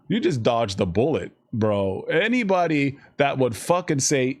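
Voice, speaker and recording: A man streaming live, giving casual, profane, rambling life advice to his chat and slipping into quick mock voices. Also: fairly high pitch, very animated.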